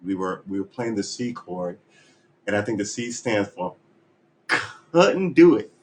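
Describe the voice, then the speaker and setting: A man's voice: on the low side, fairly even intonation, normal speed, slight background noise, poor audio. A man live-streaming his guitar practice, chatting in a rambling, jokey, self-mocking way. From United States. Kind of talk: casual live-stream chat.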